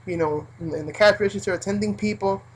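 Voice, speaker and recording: Husky young adult rambling through work stories. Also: medium pitch, quick pace, poor audio. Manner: rambling, heavy use of like and you know. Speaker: vlogger recounting fast-food job. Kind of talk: casual storytelling.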